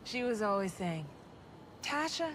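A woman's voice: medium pitch, very animated, a little slow, a little hiss or hum. An actress playing a young adult granddaughter in a video game, speaking fondly to her grandfather. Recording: game audio with loud music underneath.

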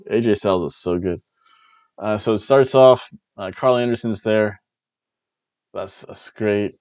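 A man's voice: mid-range voice, moderate pace, no room sound, muffled recording. A man hosting a casual wrestling review, rambling and joking as he recaps matches. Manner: rambling, jokey, repeats catchphrases.

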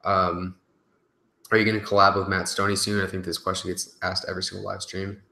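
On a live stream, a young man fields viewer questions in relaxed, rambling speech full of fillers and curse words. His low voice still sounds forceful, bright and gravelly, with little pitch movement and a brisk pace. The recording echoes around a large, roomy space.

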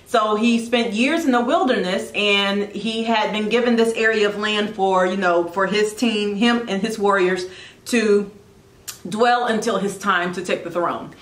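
A woman giving a casual devotional talk about leadership, animated and chatty, with quick asides and self-corrections. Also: medium pitch, echoey room. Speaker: Christian blogger giving devotional teaching.

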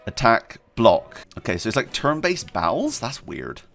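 A man commenting as he plays a video game, chatty and excitable, often squealing with delight. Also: medium pitch, normal speed, vocal fry, faint music behind. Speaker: gaming video host. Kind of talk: let's play commentary.

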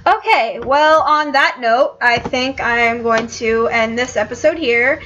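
A woman gives joking, offhand commentary while playing a game. Her voice is fairly high and bright, and the recording is slightly muffled with a faint hiss. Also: slow. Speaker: let's play host.

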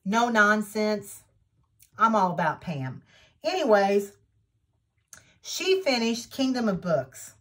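A woman's voice: medium pitch, big pitch swings, takes it slowly, pauses often, fairly bright tone. A woman hosting a needlework vlog, chatting casually and enthusiastically as she shows off projects. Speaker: needlework vlogger. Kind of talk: casual show-and-tell chat.

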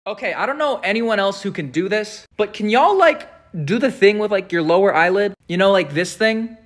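A performer doing an in-character monologue to a phone camera as an unhinged, clingy ghost boy, rambling with lots of fillers and dropping into hushed asides. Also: medium pitch, animated, moderate pace, natural voice. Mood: chatty.

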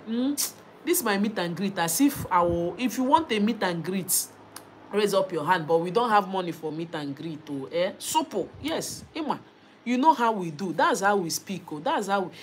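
Young nigerian woman live streaming, chatty and lively, reads out comments, faint background noise. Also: medium pitch. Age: young adult. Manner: lively, mixes English with Igbo and Pidgin. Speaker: YouTuber hosting a birthday live stream. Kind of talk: casual live stream chat, reading viewer comments.

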